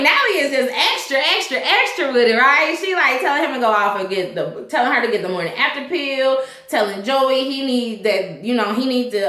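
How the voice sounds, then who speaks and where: A bright, higher-voiced woman recaps a TV episode in a chatty, animated way, slipping into the characters' voices as she goes. Her speech is casual and loose, full of fillers and asides. She sounds like she's in an echoey room. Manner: animated retelling, acts out characters' lines. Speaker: TV recap vlogger.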